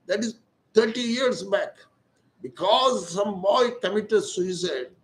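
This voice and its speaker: An older man with an Indian English accent, an ENT surgeon giving a slow, deliberate talk that repeats its key words. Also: high voice, roomy sound, low-quality recording. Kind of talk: lecture-style explanation.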